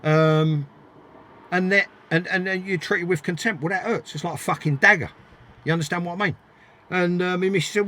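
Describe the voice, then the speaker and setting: A man's voice: high voice, fairly quick, bright, forceful tone. Blunt older man telling stories. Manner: blunt, emphatic, repeats himself. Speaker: interview guest, former footballer. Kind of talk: casual storytelling, swearing freely.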